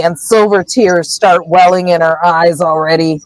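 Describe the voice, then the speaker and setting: A woman co-hosting a casual book podcast, retelling a chapter expressively and jumping into high voices for the characters she quotes. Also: fairly even intonation, moderate pace, dry recording, rough recording. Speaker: podcast co-host.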